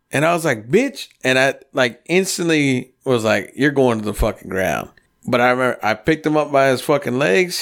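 A man in his thirties, co-hosting a podcast, telling crude garage stories in casual chat and acting out the quotes. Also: medium pitch. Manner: profane, rowdy storytelling with acted-out quotes. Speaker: podcast co-host.

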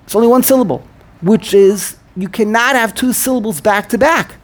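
Husky man teaching animatedly. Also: high voice. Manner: animated, repeats words and restarts, sounds out words slowly. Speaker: teacher of prayer pronunciation. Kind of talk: informal lesson with a student.

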